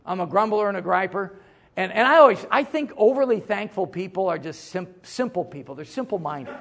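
A middle-aged man preaching a sermon as pastor, folksy and joking, swinging from loud emphasis to low asides. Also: expressive, brisk.

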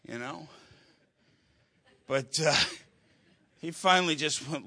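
A man preaching a sermon, telling a story with halting restarts and wry humor. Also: fairly high pitch, sharp tone.

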